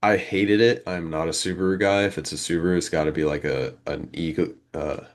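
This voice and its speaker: A man's voice: deep voice, a little fast. A young man in his twenties on a casual podcast, telling a long story and acting out the back-and-forth in it. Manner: animated, acts out quoted exchanges. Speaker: podcast co-host.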